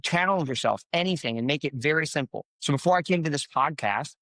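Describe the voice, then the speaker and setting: A man's voice: a little high, lively intonation, brisk, sharp tone, dry recording. Earnest motivational man, dry close sound. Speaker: coach and podcast guest. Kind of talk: conversational podcast interview.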